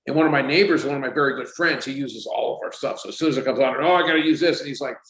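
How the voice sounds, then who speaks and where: Racing along in a medium-pitched voice, a man in his sixties who runs a company spins animated stories as a guest on a laid-back podcast, performing the voices of those he quotes. Roomy echo surrounds the recording.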